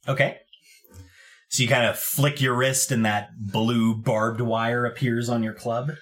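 A man's voice: medium pitch, level tone, measured pace, fairly bright tone. A man narrating as game master of a tabletop game, describing scenes in a loose, laid-back way with hesitations.

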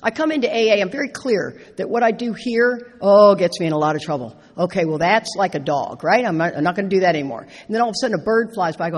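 A middle-aged woman speaking at a recovery meeting, telling stories with playful, animated asides. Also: mid-range voice, quick pace, hardly any pauses. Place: large meeting hall. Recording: echoey hall with long reverb.

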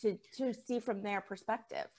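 A woman's voice: mid-range voice, fairly even intonation, normal speed, a little mellow. A woman hosting a podcast interview, asking follow-up questions and summing up her guest's points in an encouraging way. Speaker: podcast host.

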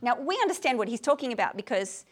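A tired woman with a slightly high voice lectures a group on a poem. She talks in an animated way and keeps asking her listeners if they see what she means. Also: quick pace. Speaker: lecturer on poetry. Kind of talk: talk to a group. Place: room with a gathered group.

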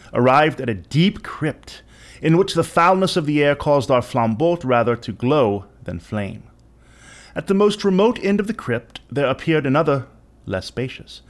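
A man giving a theatrical, interpretive reading of a classic short story. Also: mid-range voice. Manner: theatrical, expressive narration. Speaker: reader.

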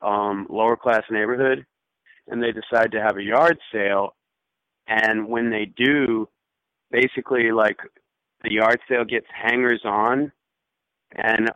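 A man's voice: mid-range voice, a bit bright, clean tone, no room sound, rough recording. A man chatting casually on a podcast, loose and rambling, with lots of filler words. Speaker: podcast guest. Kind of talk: casual chat.

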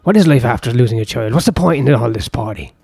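A man's voice: medium pitch, expressive, fast talker, gravelly, darkish tone, slightly rough, no echo, studio quality, faint music behind. Brief: man voicing grieving farm wife, middle-aged, nerves shot, anguished pleading. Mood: distraught.

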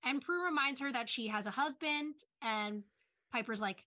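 Bright, chatty young woman podcaster. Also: high-pitched. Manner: quick, chatty retelling with many "like"s. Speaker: podcast co-host. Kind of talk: casual chat recapping a TV episode.

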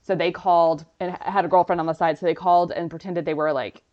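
Chatty low-voiced woman from Dallas. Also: fairly even intonation, fast, dull audio. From Dallas, Texas. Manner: chatty, filler-heavy storytelling. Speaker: podcast co-host. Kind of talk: casual chat.

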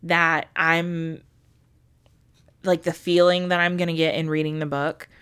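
A woman's voice: low voice, level tone, a little slow, fairly bright tone, smooth. A young adult woman co-hosting a casual book podcast, talking emotionally and swearing freely. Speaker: podcast co-host.

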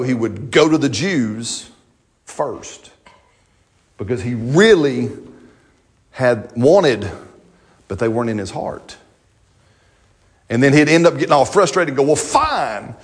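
A man's voice: medium pitch, expressive, a little slow, long pauses. A man preaching a sermon as pastor, folksy and joking, with slang and playful asides to his congregation.

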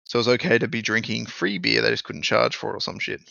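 A fast-talking man shares rowdy memories with friends and swears freely. His voice is bright and gravelly. The sound is dry and a little dull. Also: mid-range voice, lively intonation. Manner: fast, swearing, laughing storyteller. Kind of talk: casual chat.

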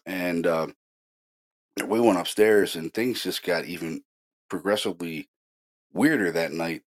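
A man hosting a paranormal show, casually and excitedly retelling an investigation with lots of fillers. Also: low voice, a little slow. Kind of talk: casual storytelling.

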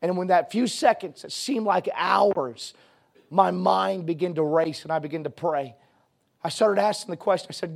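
High, gravelly-voiced preacher telling his testimony. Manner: halting restarts, building to fervent preaching cadence. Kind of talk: sermon testimony.

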